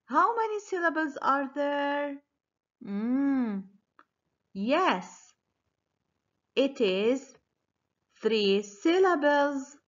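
Slow, high-voiced woman teaching phonics. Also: expressive, highs cut off. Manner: slow, clear, encouraging classroom delivery. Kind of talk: children's phonics lesson.

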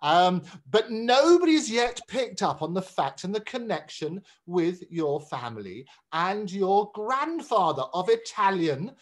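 Male talk host, high voice, swings widely in pitch, eager and stumbling. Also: sing-song, measured pace, few pauses. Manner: enthusiastic, stumbling restarts. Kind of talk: interview.

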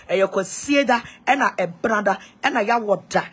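A woman's voice: medium pitch, brisk, husky. A woman evangelist with a Ghanaian accent, making an emphatic, pleading appeal to her church members and viewers. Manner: mixes English and Twi, pleading and emphatic.

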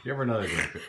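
A person in a home video, prompting a phrase over and over while giggling. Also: medium pitch. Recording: echoey room with background noise.

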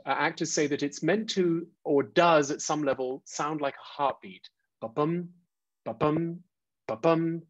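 A man's voice: fairly high pitch, slightly rough, no room sound. A man leading a teacher webinar in an informal lecture style, with many "uh"s and restarts, tapping out rhythms aloud over a video call. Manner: frequent "uh" and "um", restarts. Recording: dull, dry, lo-fi video call audio.

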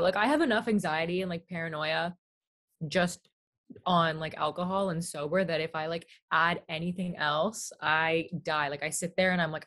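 A young woman guest on a podcast, recounting a trip in quick, animated casual chat with frequent "like". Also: on the low side.

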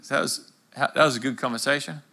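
Young Aussie male pastor, bright and punchy, chatty storytelling sermon. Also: medium pitch, steady tone, fast. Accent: Australian. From Australia. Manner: conversational, humorous storytelling preaching.

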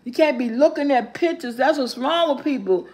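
High-voiced woman telling a funny story. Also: normal speed. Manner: animated, laughing often, rising into high squeals when quoting. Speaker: vlogger. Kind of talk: casual storytelling to viewers.

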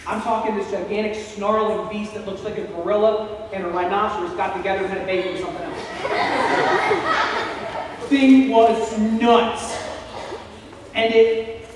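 A young man telling an animated story as a sermon in a church hall, acting out sounds, recorded by a camera across the room. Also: high voice, moderate pace, long pauses, a crowd in the background, noisy background. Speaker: preacher. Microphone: self-recorded camera from across the room. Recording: echoey church hall from far off.

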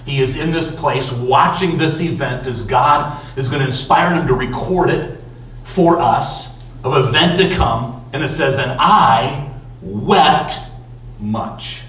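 A male pastor preaching a sermon slowly and emphatically, with dramatic pauses. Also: medium pitch, fairly bright tone, a little hiss or hum. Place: church sanctuary. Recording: roomy church echo from far off.

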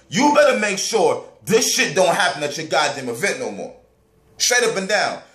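A man rants with raw anger, his voice pitched high and swinging widely as he scolds. The sound is echoey, as if recorded in a bare room. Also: fairly bright tone. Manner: angry, profane, heated ranting. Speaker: battle rap commentator. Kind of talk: ranting vlog.

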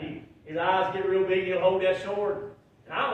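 A male pastor, preaching a folksy sermon that swells into shouted emphasis. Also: high voice, flat delivery, normal speed. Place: church sanctuary. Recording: very echoey room, from far off.

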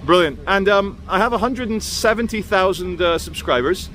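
High-voiced chatty man on city streets. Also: moderate pace, fairly bright tone, soft background music. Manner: chatty, joking, addresses passersby directly. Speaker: vlogger. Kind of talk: walking street commentary.

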